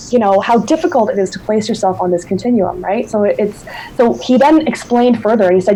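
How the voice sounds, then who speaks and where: A woman's voice: medium pitch, a little fast, mellow, rough recording. A woman giving an academic talk over a video call, casual and chatty with many fillers and restarts. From Newfoundland. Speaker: invited speaker.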